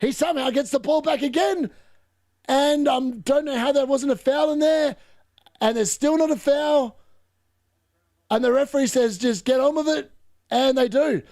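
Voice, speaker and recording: An excitable man giving live football commentary and reaction, shouting at missed chances and mocking the players. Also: extremely high pitch, measured pace, pauses often. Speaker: watchalong streamer.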